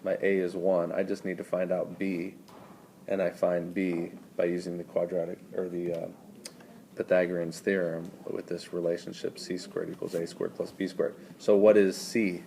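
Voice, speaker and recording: A man's voice: sits low, little pitch movement, normal speed, gravelly, warm tone, a little hiss or hum. A man tutoring math in a screencast lesson, walking students through each step and quizzing them as he goes.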